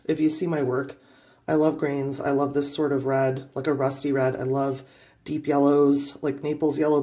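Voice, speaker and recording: A woman, a young adult, gushing excitedly in a casual unboxing vlog in her home studio, standing up as she talks. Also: low voice. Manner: gushing, excitable, quick bursts of delight. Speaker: art YouTuber.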